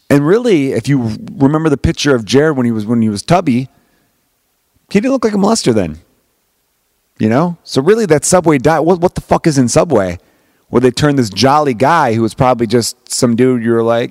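A man's voice: medium pitch, big pitch swings, fairly quick, a little mellow, no echo, clean studio sound. A man hosting a solo comedic podcast, rambling and swearing freely as he keeps correcting himself. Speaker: podcast host.

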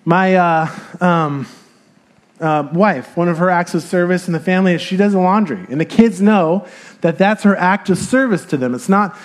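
A man in his thirties giving a sermon, explaining scripture in a relaxed, conversational way with fillers. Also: high-pitched, normal speed. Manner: light chuckles and filler sounds. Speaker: pastor.

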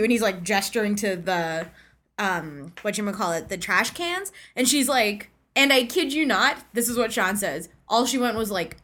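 Bright-voiced chatty young woman. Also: medium pitch, normal speed. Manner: animated storyteller, lots of "like". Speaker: podcast co-host. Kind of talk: casual chat.

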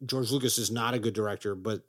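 A man's voice: on the low side, steady tone, fast talker. Man gushing about movies. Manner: enthusiastic, rambling, swears casually. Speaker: podcast co-host. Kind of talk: casual movie chat.

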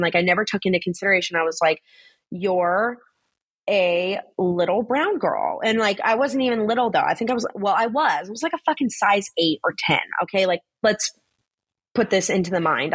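A young woman guest telling stories in a casual podcast chat, blunt and animated, swearing freely and saying "like" constantly. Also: mid-range voice, husky, no room sound. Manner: chatty, swears freely, fills talk with "like". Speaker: guest, social media influencer.

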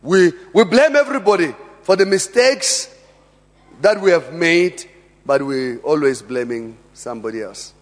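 A South African man preaching a sermon in a large church hall, emphatic, with quiet asides and sudden loud bursts. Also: fairly high pitch, lively intonation, unhurried. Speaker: pastor. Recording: long reverb of a church hall.

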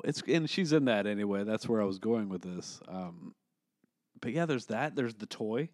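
Co-hosting a casual movie review podcast, a man rambles, swears freely and laughs as he talks. His voice is on the low side and a little mellow, with lively intonation and normal speed, recorded dry with clean studio sound.

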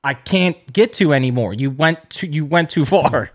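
Higher-pitched joking man on a podcast. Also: animated, normal speed. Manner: joking, playful banter. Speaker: podcast co-host. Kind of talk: casual chat.

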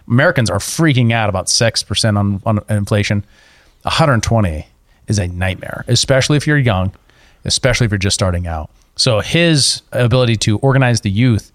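A man's voice: on the low side, dry recording, studio quality. A male podcast host talking emphatically in a casual political discussion. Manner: emphatic, animated.

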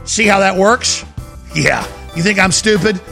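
A man's voice: high-pitched, unhurried, creaky, pushed and bright, faint music behind. A man hosting a talk radio show, talking in an emphatic, rambling monologue that repeats itself. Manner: emphatic, repetitive, insistent.

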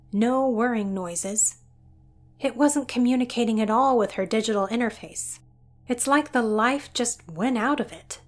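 Storyteller, a woman. Even, descriptive reading, slightly high. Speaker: narrator. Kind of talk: scripted story narration.

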